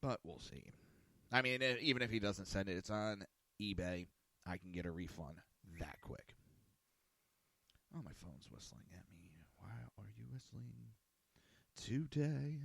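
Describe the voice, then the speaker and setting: A man's voice: lowish voice, lively intonation, measured pace, gravelly, pauses often, a bit bright, no room sound. A man hosting a casual talk podcast, rambling and swearing in an exasperated tone. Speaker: podcast host. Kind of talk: casual ranting talk show.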